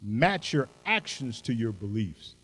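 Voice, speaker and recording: Brief: older male keynote speaker, folksy and emphatic, animated delivery. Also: mid-range voice, unhurried, rough recording. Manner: punchy short maxims. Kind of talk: motivational speech.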